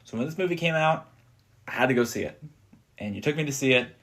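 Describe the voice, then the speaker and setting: An earnest man chats on a movie podcast at an ordinary mid-range pitch. He talks with real enthusiasm and often stumbles and restarts his sentences. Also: expressive, fast talker, a bit bright. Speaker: podcast co-host. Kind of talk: casual movie podcast chat.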